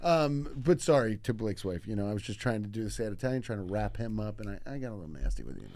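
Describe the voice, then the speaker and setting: A man's voice: on the low side, animated, fast talker, darkish tone, no echo. A man co-hosting a podcast in joking banter, rambling and mock-apologetic. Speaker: podcast co-host.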